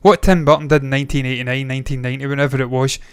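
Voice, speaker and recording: A man's voice: medium pitch, fairly even intonation, racing, clear, resonant tone. A man in his thirties from the UK co-hosting a casual film chat, joking, rambling and swearing, light-headed after giving blood. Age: 30s. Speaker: co-host.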